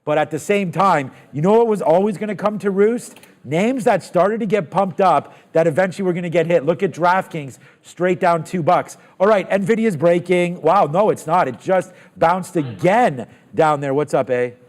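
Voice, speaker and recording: A man hosting a live trading show, calling trades and thinking aloud with quick excitement. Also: high voice.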